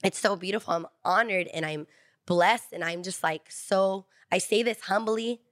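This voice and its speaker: An earnest woman tells her faith testimony in a podcast conversation and acts out the voices of God and of people around her as she goes. Her voice sits at a middle pitch and is recorded close and dry, with no room sound. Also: normal speed, dry recording. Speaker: guest sharing her testimony.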